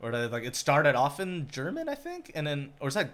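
A man's voice: a little high, wildly swooping pitch, fairly quick, fairly bright tone. A man co-hosting a casual podcast chat, rambling with restarts and frequent swearing. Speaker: podcast co-host.

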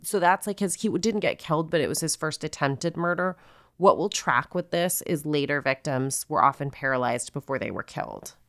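A woman's voice: low voice, normal speed, a bit bright, no room sound, clean studio sound. A woman co-hosting a podcast, telling a true-crime story casually with lots of fillers and quoted asides. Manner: chatty, filler-heavy, quotes people in asides. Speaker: podcast co-host.

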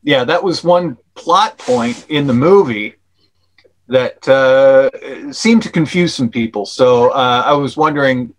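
A man's voice: medium pitch, takes it slowly, rough recording. A man guest on a podcast explaining his film at length, with many fillers and restarts. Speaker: actor and filmmaker guest. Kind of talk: casual interview chat.

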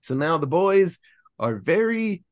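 Animated man recapping a movie. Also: a little high, slow pace. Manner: animated storyteller, acts out characters' lines. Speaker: podcast host.

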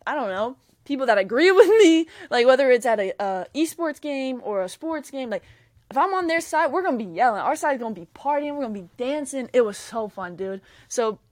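A young woman hosting a podcast tells a story in casual chat, speaking fairly quickly in a high voice. She's an excitable storyteller who acts out what people said, and the studio-quality camera-mic recording has no echo.

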